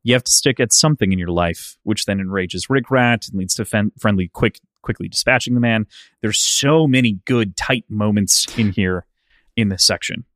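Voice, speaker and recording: A man's voice: lowish voice, normal speed, fairly bright tone, no room sound. Man, podcast co-host, casual book chat, thoughtful recap, dry recording. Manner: thoughtful, recaps scenes with many fillers.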